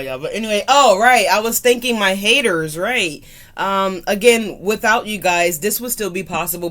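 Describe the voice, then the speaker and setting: A woman's voice: fairly low pitch, a bit bright. Woman doing her tarot channel intro, super casual, repeats herself a lot, swears a bit, drifts off mic sometimes. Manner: chatty and loose, repeats greetings, swears casually. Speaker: tarot reader and channel host. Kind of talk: casual chat to camera.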